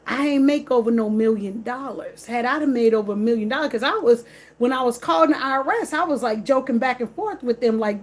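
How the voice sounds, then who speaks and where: A woman's voice: fairly high pitch, a little fast. A woman, vlogging in an emphatic, repetitive, slangy rant straight to camera. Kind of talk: casual direct-to-camera rant.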